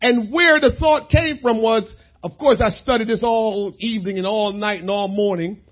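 Man preaching, very high voice, shouting and then quiet. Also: normal speed, highs cut off. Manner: shouting, emphatic preaching with sudden drops to quiet asides. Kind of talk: sermon.

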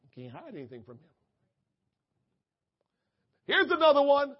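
A man preaching a sermon as pastor, moving between quiet, conversational asides and loud, tearful, shouted prayers. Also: extremely high pitch, wildly swooping pitch, measured pace, pauses often. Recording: dull lo-fi church audio.

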